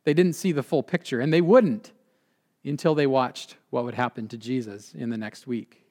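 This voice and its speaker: A male pastor delivering a sermon in an earnest way, slowing for emphasis and dropping quiet at the ends of points. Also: medium pitch. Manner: earnest, with slowed emphatic phrasing and drops to a quiet close.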